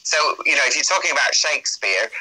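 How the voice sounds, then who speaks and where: A man's voice: fairly high pitch, expressive, fast talker, pushed and bright, slightly rough, rough recording. A man chatting as an interview guest, explaining at length in an easy, talkative way. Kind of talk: casual interview chat.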